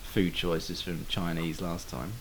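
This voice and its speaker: Man, podcast host, low voice, casual chat, fillers and laughs, hissy recording. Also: flat delivery, slow pace. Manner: chatty, laughs often, hesitant fillers. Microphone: failing podcast mic. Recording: hissy mic noise.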